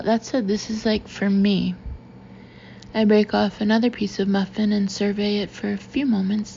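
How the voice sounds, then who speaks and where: A woman narrating a novel in the first person, with an even, confiding storytelling manner. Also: medium pitch, vocal fry, muffled recording, a little hiss or hum. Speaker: audiobook narrator.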